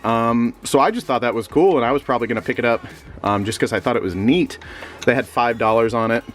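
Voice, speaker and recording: A young man from Missouri, a reseller vlogger, rambling casually with lots of fillers and sudden jumps up in pitch, a bit sleepy. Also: quick pace, soft background music. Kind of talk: casual chat.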